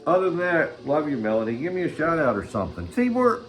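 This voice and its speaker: A man's voice: fairly high pitch, very animated, fast. An older man hosting his own channel, ranting crudely and swearing constantly in a rambling vlog. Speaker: channel host. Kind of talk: rambling profane vlog rant.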